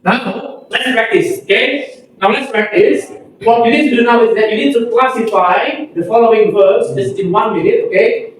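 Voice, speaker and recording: A man with an Indonesian accent, teaching an English pronunciation lesson and repeating words slowly for students to copy. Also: extremely high pitch, a little hiss or hum. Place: classroom. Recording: echoey room, far from the mic.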